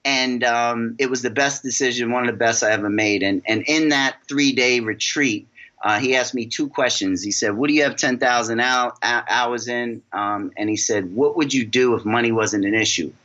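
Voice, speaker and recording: A middle-aged man with a New York accent tells his story on a podcast with an energetic, animated delivery, often acting out what others said. His voice is bright and forceful. The recording sounds a bit dull and lo-fi. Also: mid-range voice, normal speed. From New York City. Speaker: guest, success coach.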